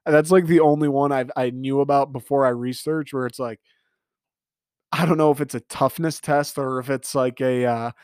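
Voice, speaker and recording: A young man delivering an animated comedic rant monologue, exasperated and laughing at his own jokes. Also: mid-range voice, normal speed, clean tone, no room sound, studio quality.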